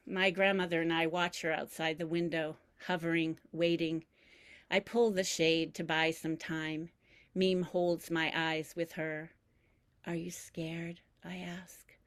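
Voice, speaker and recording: A woman reading aloud from her personal memoir, measured and reflective, with deliberate pauses. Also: deep voice, flat delivery, a bit bright, clear, resonant tone, dry recording. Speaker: memoir reader.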